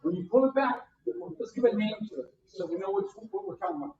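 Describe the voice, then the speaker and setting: A karate instructor teaching a beginner class, counting out drills and calling punch commands in loud bursts. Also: mid-range voice, fairly quick. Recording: distant, roomy, dull sound with faint noise.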